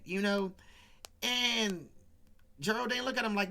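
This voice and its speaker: A man's voice: takes it slowly, gravelly, long pauses, bright, forceful tone. A man hosting a casual talk show, retelling a comedy sketch with asides to viewers and jumpy voices for quotes. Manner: chatty, asides to viewers, mimics quotes with pitch jumps. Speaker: podcast host.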